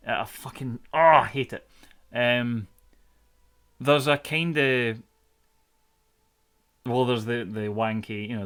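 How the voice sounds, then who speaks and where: Taking his time, this man speaks in a mid-range voice that is clean and fairly bright. He's in his thirties, from Scotland's central belt between Glasgow and Edinburgh, with the accent to match, and spins meandering, profanity-laced tales in casual live stream chat.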